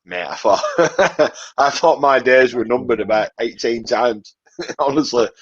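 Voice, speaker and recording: A man's voice: medium pitch, measured pace, slightly rough, lo-fi sound. A man from near Manchester, swearing and laughing his way through football stories. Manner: sweary, laughs at his own stories, calls people mate. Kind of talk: casual late-night football chat.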